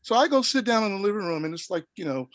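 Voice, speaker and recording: A middle-aged man from Oklahoma telling a story on a panel, animated and rambling with many restarts. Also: sits high, fast, dry recording. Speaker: panel guest.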